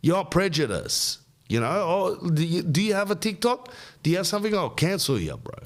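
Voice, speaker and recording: A man voicing a touchy male scorpion who talks slangy and defensive, quick to call others prejudiced. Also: high-pitched, sing-song, voice pushed up. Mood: indignant.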